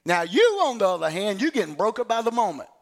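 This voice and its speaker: A man preacher delivering a sermon, swinging between shouting and hushed tones, calling the congregation to respond. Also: high voice, very animated, fast talker.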